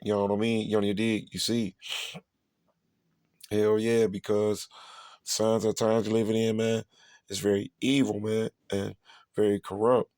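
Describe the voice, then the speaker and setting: A man's voice: lowish voice, little pitch movement, darkish tone, clear, resonant tone, dry recording. A man delivering a profane, ranting sermon, repeating himself and constantly asking his listeners if they see. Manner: profane, repetitive, keeps asking "you see?"; emphatic, drawn-out stresses. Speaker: preacher. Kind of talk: ranting street sermon commentary.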